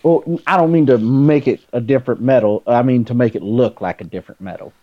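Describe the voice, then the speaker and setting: A man's voice: medium pitch, brisk, no room sound, lo-fi sound. A man playing his character in a tabletop game, hesitant and fumbling with lots of uh and um. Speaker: player.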